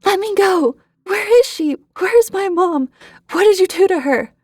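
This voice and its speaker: Woman voicing a shrill frightened child. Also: normal speed, dark tone, breathy edge, dry recording, studio quality. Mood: terrified. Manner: shrill, panicked pleading. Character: frightened young child, screaming for mom.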